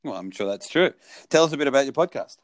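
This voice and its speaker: A man's voice: mid-range voice, expressive, fast, no echo. A man hosting a casual podcast chat, wry and joking. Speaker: podcast host.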